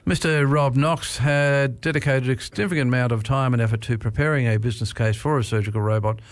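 A man hosts a community radio reading program in a mid-pitched voice, hesitating often with small fillers. His voice is captured close and dry in a quiet studio. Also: steady tone, quick pace, dry recording. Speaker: radio presenter. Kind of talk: hosting a talking newspaper program.

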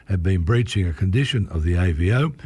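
Croaky aussie guy reading out a newspaper story, lowish husky voice, dead dry mic. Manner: steady, measured reading with occasional stumbles. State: hoarse, croaky, clearing his throat. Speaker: volunteer newspaper reader. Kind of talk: reading news articles aloud on radio.

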